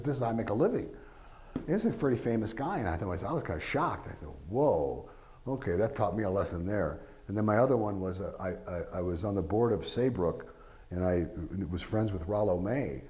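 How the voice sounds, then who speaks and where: Low-voiced man telling rambling anecdotes. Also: warm tone, slight background noise, low-quality recording. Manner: rambling, storytelling, many filler phrases; acts out quoted voices. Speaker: author speaking to an audience. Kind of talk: informal talk with anecdotes.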